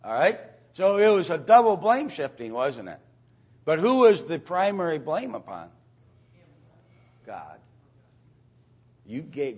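A man teaching an informal Bible lesson to a class, speaking haltingly with many fillers, restarts and throat-clearing, and often asking the class questions. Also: a little high, very animated. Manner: asks the class questions and calls on students. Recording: dull lo-fi recording.

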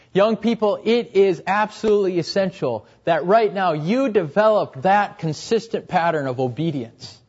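A man's voice: on the high side, darkish tone. A young man preaching a sermon earnestly, repeating key phrases and letting his voice drop at the end of each point. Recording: dull, lo-fi recording.

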